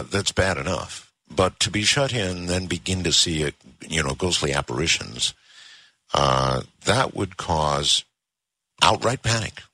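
A man hosts a call-in radio show in a very deep, husky voice with a bright, forceful edge. He speaks in a measured, drawn-out way. The sound is close and dry. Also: no room sound. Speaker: radio talk show host. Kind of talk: late-night call-in radio hosting.

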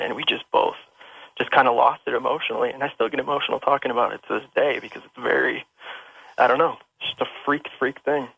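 A man phones into a radio show with a gravelly, mid-range voice that sounds dry and muffled. He tells his story in an emotional ramble, breaking off and restarting his sentences. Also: medium pitch, steady tone, quick pace, no echo. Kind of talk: telling a personal ghost story. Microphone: telephone. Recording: dull lo-fi phone line.

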